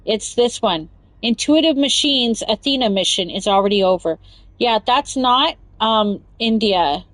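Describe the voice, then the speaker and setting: A woman's voice: on the high side, animated, a little slow, fairly bright tone, no room sound, rough recording. A woman hosting a casual chat show, reading news aloud and rambling off on tangents with giggles. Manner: rambling, giggly, talks over herself. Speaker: podcast host.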